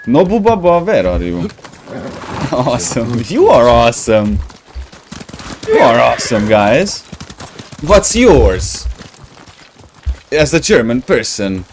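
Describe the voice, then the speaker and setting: A young man from Romania chats with his live viewers while he plays. He talks slowly, with a lively, swooping pitch. He rambles, laughs often and hunts for words, over a faint hiss. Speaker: gaming livestream host. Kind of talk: casual chat with live viewers while playing.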